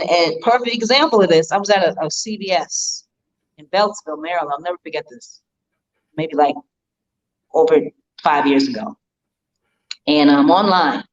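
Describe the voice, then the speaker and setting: A woman guest in an interview, telling stories in an animated, emphatic way with frequent rhetorical asides. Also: medium pitch. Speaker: public relations professional, interview guest. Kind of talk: casual storytelling in an interview. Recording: dull lo-fi sound.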